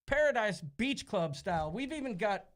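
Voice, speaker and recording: A Midwestern American man hosting a laid-back live stream, his voice high and bouncing all over the place. He jokes constantly and reads viewer comments aloud with plenty of expression. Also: animated, moderate pace, noisy background. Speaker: co-host. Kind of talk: casual live-stream chat.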